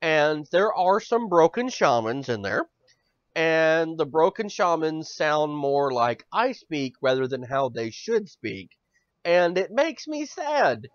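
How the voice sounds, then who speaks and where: A man's voice: on the high side, big pitch swings, takes it slowly, no echo. A male podcast host ranting in casual chat, swearing often and stammering over repeated words. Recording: dull dry lo-fi audio.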